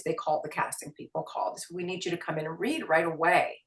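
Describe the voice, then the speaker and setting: Lower-voiced New York woman, roomy and distant. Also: quick pace, hardly any pauses. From Queens, New York. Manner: animated, quotes people in put-on voices, swears casually. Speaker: guest. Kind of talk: casual storytelling interview. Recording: roomy sound, voice a bit off mic.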